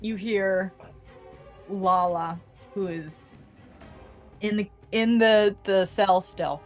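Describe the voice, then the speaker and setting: A woman running a tabletop game as game master, narrating the action lively and jumping into quick character voices. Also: mid-range voice, soft background music.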